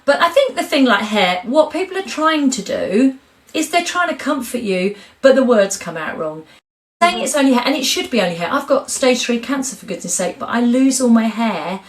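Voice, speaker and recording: Brief: middle-aged woman, interview guest, candid and animated, slightly high voice. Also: moderate pace. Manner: frank, expressive, animated storyteller.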